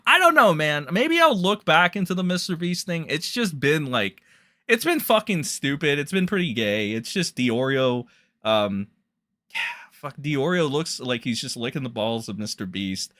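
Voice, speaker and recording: A young man hosts a livestream and rambles through crude, mocking commentary. His voice sits a bit high, swings widely in pitch and has a bright, forceful edge. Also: sing-song, normal speed. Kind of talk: profane casual livestream commentary.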